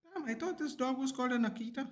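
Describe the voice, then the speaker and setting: A man's voice: extremely high pitch, fast. A young man, chatting casually to viewers during a live football watchalong stream. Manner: chatty, reacting aloud to chat, many restarts and "bro", "dude".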